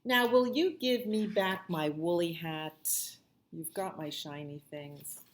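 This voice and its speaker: A woman voicing a gentle, earnest young male bear in a picture book read aloud, pleading politely. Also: fairly low pitch, takes it slowly, slight background noise. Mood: coaxing.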